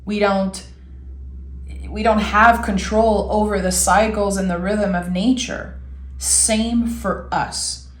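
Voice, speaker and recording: A woman reads tarot cards slowly and gently, her thoughts unfolding in soft, reflective pauses. Her voice sits at an ordinary middle pitch. An echoey room rings around her. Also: fairly even intonation. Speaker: tarot reader. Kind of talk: intuitive tarot reading.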